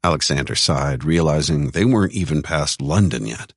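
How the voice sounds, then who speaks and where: A male audiobook narrator with a very deep voice and lots of pitch movement. He reads the thriller expressively, recorded close and completely dry. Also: expressive, normal speed, no room sound. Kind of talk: scripted narration.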